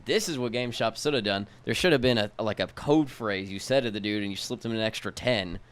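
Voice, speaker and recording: A relaxed man on a casual podcast, cursing freely in an easygoing, dry way. His voice sits on the low side and sounds clean and smooth. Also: brisk. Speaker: podcast co-host.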